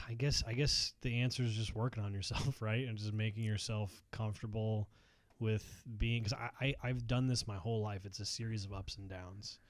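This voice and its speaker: A man's voice: fairly low pitch, fairly even intonation, normal speed, no room sound. A man in his thirties co-hosting a podcast, loose and self-mocking, often laughing. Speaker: podcast co-host. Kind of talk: casual podcast chat.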